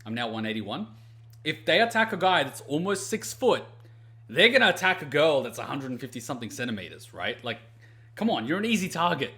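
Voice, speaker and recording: A man hosts a let's play, drifting into casual, animated rants between bits of gameplay. His voice is bright and forceful, and he swears freely. His pitch swings widely as he tells his stories. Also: a little fast. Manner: animated, ranting storyteller who swears freely. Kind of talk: casual commentary over gameplay.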